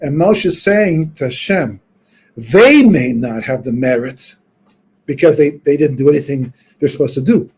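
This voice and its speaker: A rabbi with a slightly high, expressive, darkish, somewhat rough voice speaks at normal speed during his weekly Torah class. He teaches informally through storytelling, thinking aloud and restarting often in a conversational lecture.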